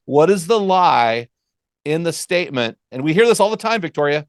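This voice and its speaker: A man's voice: fairly high pitch, very animated, normal speed, smooth, no echo, studio quality. A man hosting a podcast interview, talking earnestly and stressing his points. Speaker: podcast host. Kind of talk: conversational interview.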